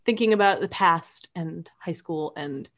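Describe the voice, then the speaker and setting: A woman in casual chat, animated and rambling, with lots of fillers and frequent laughter. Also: on the low side, a little slow.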